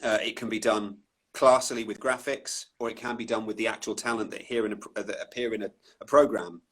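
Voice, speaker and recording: A voice-over artist talks thoughtfully in a relaxed online interview, poking fun at himself and often restarting his sentences. His voice is lowish, steady, fairly bright, and slightly rough, with a quick pace, captured over a live video call.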